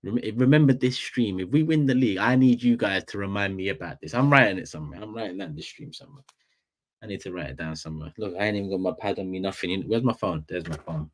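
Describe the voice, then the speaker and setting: A man with a London accent, his voice sitting on the low side. He chats on a livestream in a loose, slangy way, repeating lines and often jumping up in pitch and volume. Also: quick pace. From England. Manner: animated, repeats phrases, slangy. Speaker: livestream host. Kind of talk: casual livestream chat.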